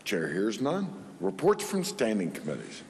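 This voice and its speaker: A man's voice: lowish voice, huge pitch swings, moderate pace, vocal fry. A man presiding over a legislative session, calling votes and recognizing speakers in a formal, procedural way. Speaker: presiding officer. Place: legislative chamber. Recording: echoey chamber with faint room noise.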